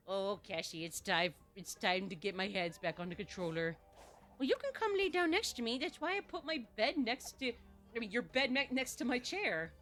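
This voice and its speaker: A woman's voice: medium pitch, fairly bright tone. A woman streaming a video game in casual, playful chat, who slips into baby talk when she talks to her dog.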